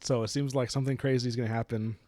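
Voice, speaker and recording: A man's voice: medium pitch, fairly even intonation, very fast, a little mellow, no echo. Man, casual book podcast chat, retells scenes in quoted voices, dry close sound. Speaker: podcast co-host.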